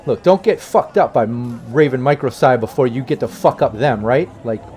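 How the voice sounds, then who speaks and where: A man's voice: normal speed, darkish tone, lightly acted. A man playing a vengeful, scheming male crime-family brother on a phone call, swearing and urging caution. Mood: stern. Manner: profane, urging and low-key. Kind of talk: in-character phone call in a tabletop game.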